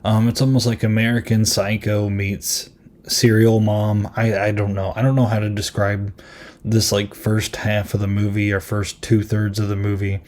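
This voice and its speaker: Rambling, amused man with lower voice. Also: level tone, moderate pace, darkish tone. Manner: rambling, amused, many ums and likes. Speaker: podcast host reviewing a film. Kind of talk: casual chat.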